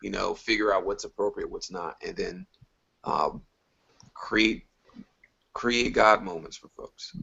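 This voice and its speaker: A man's voice: sits low, a little slow, vocal fry, long pauses, bright, forceful tone, husky. A man on a podcast panel chatting casually over a video call, restarting sentences as he builds his ideas. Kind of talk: casual chat. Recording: lo-fi online call audio.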